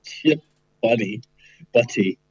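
A man's voice: lowish voice, takes it slowly, breathy edge, no echo, dull audio. A man guesting on a casual podcast, guessing puzzled at word meanings with many fillers.

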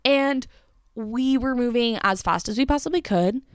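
A woman's voice: on the high side, normal speed, clean tone, no room sound, clean studio sound. A young woman telling an exasperated storytime rant about her cashier job, swearing and filling with "like" constantly. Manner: exasperated, swears, lots of "like" fillers.

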